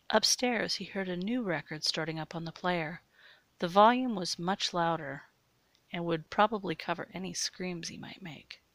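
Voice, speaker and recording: A woman narrating an erotic audio story in a steady, measured way. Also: on the low side, gravelly, no room sound.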